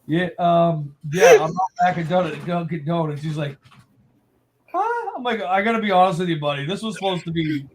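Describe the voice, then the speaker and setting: A man's voice: on the high side, a little fast, hardly any pauses, noisy background. A man hosting a casual live talk show, telling a funny story with lots of laughter. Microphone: own mic at home.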